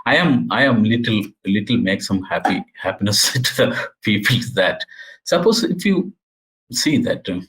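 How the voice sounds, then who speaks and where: Man, low voice, lecturing, halting with restarts, earnest. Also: lively intonation, fairly bright tone, rough recording. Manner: halting, with frequent restarts and repeated words; earnest and explanatory. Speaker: university lecturer. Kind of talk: academic lecture.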